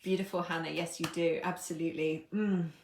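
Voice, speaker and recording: A woman's voice: fairly low pitch, level tone, a little fast, a little mellow, a little hiss or hum. A woman coaching on a live stream, playful and irreverent, laughing at herself and swearing casually. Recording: echoey room.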